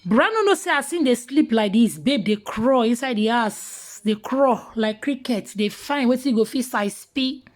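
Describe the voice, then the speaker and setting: A woman with a Nigerian Pidgin accent telling gossip in casual commentary, mocking and animated, sometimes dropping to hushed asides. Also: a little high, measured pace, few pauses. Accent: Nigerian Pidgin English.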